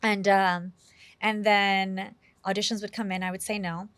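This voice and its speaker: Animated woman telling stories in an interview. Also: medium pitch, a little slow, no echo. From New York City. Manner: animated, quotes herself often, heavy use of "like". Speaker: actress, interview guest. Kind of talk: casual interview storytelling.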